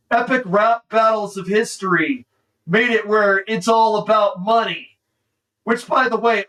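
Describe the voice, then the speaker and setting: A man with a high voice chats excitedly as he reacts to a movie on stream, throwing "dude" into almost every sentence. He sits a little back from the microphone, so his voice sounds slightly distant. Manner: excitable, says "dude" constantly. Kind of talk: casual movie reaction commentary.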